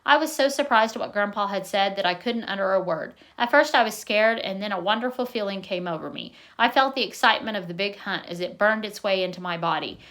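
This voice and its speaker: A woman's voice: medium pitch, fairly quick, hardly any pauses. Woman reading a novel aloud. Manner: plain steady reading, with slips and self-corrections. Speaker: narrator.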